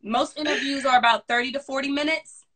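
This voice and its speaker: A woman career advisor giving interview tips in a fast, animated, sassy casual chat. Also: high voice, a little hiss or hum.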